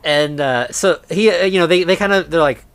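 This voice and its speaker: A man's voice: fairly high pitch, fairly quick, clear, resonant tone, no echo. A man co-hosting a podcast in a casual chat, recapping a film in a rambling way with lots of fillers and acted-out quotes. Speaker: podcast co-host.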